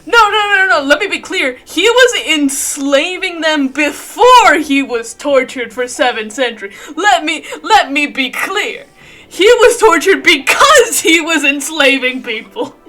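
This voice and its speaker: A woman streamer chatting live over a game, dramatic and swinging from low mumbles to shrieking outbursts. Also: expressive, a little slow, sharp tone, faint music behind. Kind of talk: live gaming stream chat.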